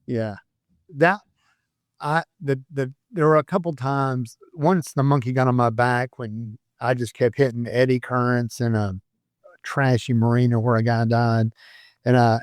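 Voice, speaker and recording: Retired cop telling dive stories. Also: male voice, medium pitch, fairly even intonation, normal speed, no room sound, clean studio sound. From Florida, USA. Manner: rambling anecdotes, laughs at himself. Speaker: retired sheriff's deputy and police diver. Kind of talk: casual storytelling interview.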